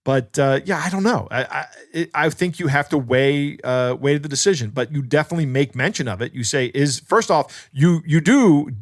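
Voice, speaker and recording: A man's voice: fairly high pitch, normal speed, hardly any pauses, no room sound, clean studio sound. A man co-hosting a podcast as a security expert, telling stories in casual chat with many restarts.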